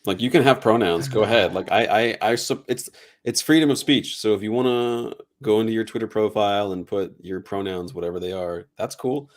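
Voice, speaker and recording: Chill guy agreeing along on a podcast, lowish voice, says bro a lot. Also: a little fast. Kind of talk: casual podcast chat.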